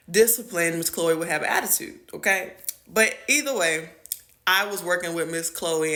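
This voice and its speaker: A woman's voice: fairly low pitch, bright, forceful tone. A woman who works as a teacher, telling a personal story to the camera in an emphatic, chatty way and often checking in with the listener. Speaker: school teacher. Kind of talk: storytime vlog.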